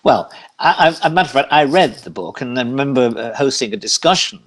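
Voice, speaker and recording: A man hosts an interview and builds a long question at a medium pitch. He halts and hedges, filling gaps with short sounds. He is heard over a video call. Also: expressive. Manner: halting, hedging with fillers. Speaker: interviewer host.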